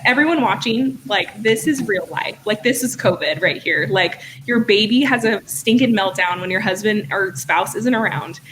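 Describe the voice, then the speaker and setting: A woman in her thirties hosting a casual chat over a video call, bubbly and quick to laugh. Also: mid-range voice, expressive, background noise. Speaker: host.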